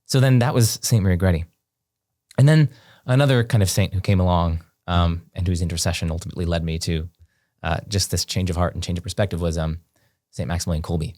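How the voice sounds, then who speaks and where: Deep-voiced man telling a story animatedly. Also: fast, no room sound, clean studio sound. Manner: animated, heavy on fillers like "like" and "um". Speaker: podcast guest. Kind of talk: casual conversational storytelling.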